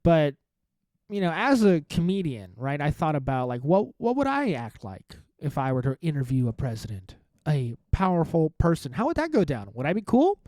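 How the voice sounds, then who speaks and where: A man's voice: on the high side, sing-song, normal speed, a little mellow, dry recording. A man in his thirties hosting his own podcast, a stand-up comic talking in a rambling, self-mocking, profane way. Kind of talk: casual solo podcast monologue.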